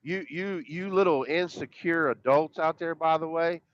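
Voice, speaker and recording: A man's voice: a little high, normal speed. Rambling man, profane and emphatic. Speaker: podcast co-host. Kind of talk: casual podcast chat. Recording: dull, dry lo-fi sound.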